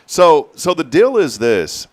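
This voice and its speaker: A man's voice: on the high side, slow pace. A middle-aged man hosting a casual morning show, chatting and telling stories with acted-out quotes. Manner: animated storyteller, acts out quotes. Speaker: radio show host.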